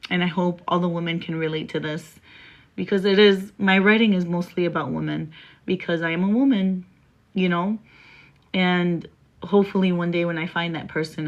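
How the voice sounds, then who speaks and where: A woman's voice: on the low side, muffled recording. A young woman chatting on a phone live stream, rambling and laughing often, and reading her own poem.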